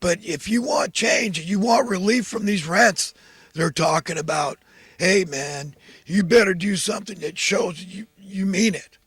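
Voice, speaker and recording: A man's voice: high-pitched, a little slow, a bit bright, breathy edge, no echo. A man giving a rambling, fervent, preachy monologue as host. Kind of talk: impassioned political monologue.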